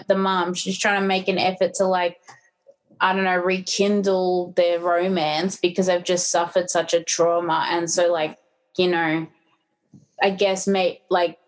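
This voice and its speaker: A woman's voice: mid-range voice, steady tone, unhurried. A woman guest in casual podcast chat, retelling film plots with many fillers.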